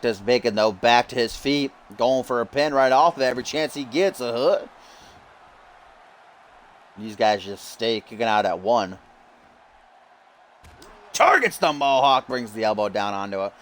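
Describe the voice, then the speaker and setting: A man doing jokey play-by-play commentary over a wrestling video game, bursting into yells at big moves. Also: medium pitch, clean tone. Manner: jokey, yells in sudden excitement.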